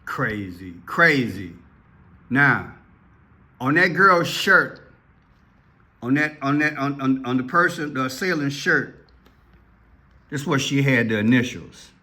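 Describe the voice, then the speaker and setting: A man's voice: lively intonation, takes it slowly, long pauses, sharp tone. A man giving casual commentary to his viewers, repeating himself often and calling out to the audience. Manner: rises sharply in pitch when worked up. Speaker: online video commentator.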